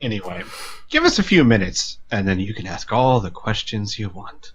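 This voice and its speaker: A man's voice: fairly low pitch, big pitch swings, moderate pace, breathy edge, highs cut off. A man playing a tabletop game, speaking for his character and stumbling over restarts. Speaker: player.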